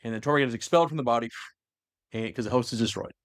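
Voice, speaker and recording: A man's voice: mid-range voice, very fast, no echo, clean studio sound. A man hosting a podcast, casually retelling a story in a rambling way, with lots of "like" and restarts. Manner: rambling storyteller, heavy use of "like", many restarts. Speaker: podcast host. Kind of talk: casual lore recap chat.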